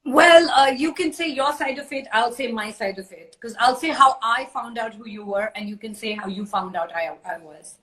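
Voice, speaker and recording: A woman's voice: a little high, normal speed, fairly bright tone, rough recording. A woman in her forties hosting a casual live chat on a phone, telling a story in a chatty way with many fillers. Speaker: live stream host.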